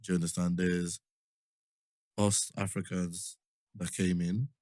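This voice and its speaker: Deep-voiced Nigerian man hosting a podcast. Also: flat delivery, unhurried, darkish tone, no echo, studio quality. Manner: earnest, repeats "do you understand?". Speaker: podcast host. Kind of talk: casual chat.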